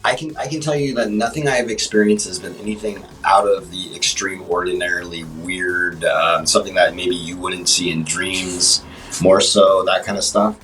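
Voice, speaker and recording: A man talking as a guest on a livestream chat show, speaking haltingly with many restarts and fillers. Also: low voice, fairly even intonation, a bit bright, distant mic, rough recording. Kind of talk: casual interview chat.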